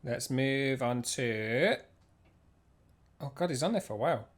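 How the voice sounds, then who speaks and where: A man's voice: medium pitch, expressive, a little slow. Chatty, giggly man streaming. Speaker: streamer reacting to clips. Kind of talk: casual live-stream chat.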